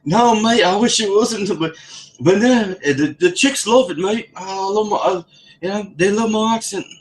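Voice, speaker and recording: A man's voice: high voice, normal speed, pitched above the performer's own voice, lightly acted, low-quality recording. A man mimicking a young coworker who fakes a British accent, chummy and full of "mate" and big words. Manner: chummy, says "mate" constantly, show-off words.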